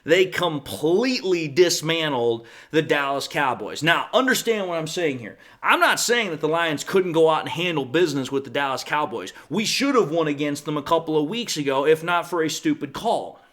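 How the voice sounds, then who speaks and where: A man's voice: fairly high pitch, animated, normal speed, few pauses, a bit bright. A man hosting his own sports commentary show, talking casually and at length in a folksy way. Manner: folksy, talkative, says y'all and folks. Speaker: host.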